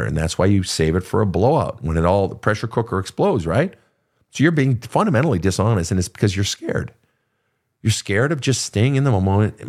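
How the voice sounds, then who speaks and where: Older male therapist-host, low voice, very lively pitch, profane and conversational. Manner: animated, profane, storytelling with acted quotes. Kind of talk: casual advice talk.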